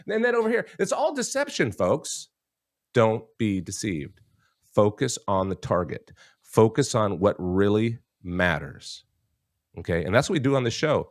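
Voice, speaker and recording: In a clean, echo-free studio recording, this male host talks at a measured pace with a fairly low, very animated voice. His talk-show segment is a forceful opinion piece aimed straight at the audience, whom he calls folks, and he frequently starts over mid-thought.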